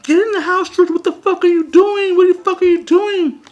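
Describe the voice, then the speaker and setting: A man's voice: very high voice, steady tone, moderate pace, darkish tone, voice pushed up. A man voicing a panicked young woman who is crying and pleading shrilly.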